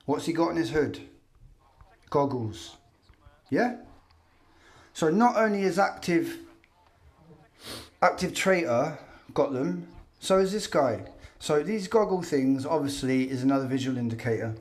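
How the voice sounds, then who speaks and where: A man's voice: a little high, lively intonation, unhurried, long pauses. A man giving sarcastic, mocking commentary over video footage.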